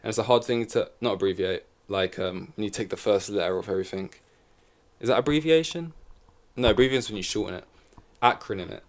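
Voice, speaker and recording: Male podcast host, solo, loose and chatty, trips over himself, sits a bit low. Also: quick pace. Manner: rambling, self-correcting, swears casually. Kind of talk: casual solo chat. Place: in front of a camera.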